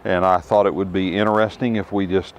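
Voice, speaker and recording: A middle-aged man teaching scripture outdoors to a tour group, emphatic, with rhetorical questions and dramatic pauses. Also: deep voice, little pitch movement. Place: outdoors at ruins.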